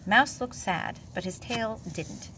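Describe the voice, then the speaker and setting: A woman reading a picture book aloud to a child, expressive and gentle, pausing to chat about the pictures. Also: fairly high pitch. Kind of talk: storybook read-aloud with asides. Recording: distant mic, faint room noise.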